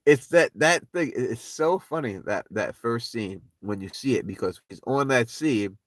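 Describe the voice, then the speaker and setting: Man, casual host chat, rambling, repetitive, lively pitch, dry close sound. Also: normal speed, dry recording. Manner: rambling, laughs often, repeats phrases. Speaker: channel host. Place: at home by an open window.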